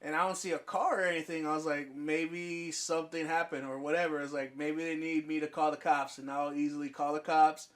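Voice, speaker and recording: A man's voice: a little high, a little fast, hardly any pauses. A young man on a casual podcast telling a crude story, swearing freely and acting out both sides of a conversation. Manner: profane, animated storyteller acting out dialogue. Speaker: podcast co-host.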